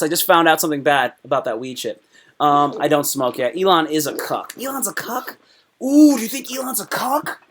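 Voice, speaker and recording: Young man, live stream host, rambling, excitable, cursing, fairly high voice. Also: a little hiss or hum. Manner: rambling, excitable, swears a lot. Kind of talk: casual chat answering live chat.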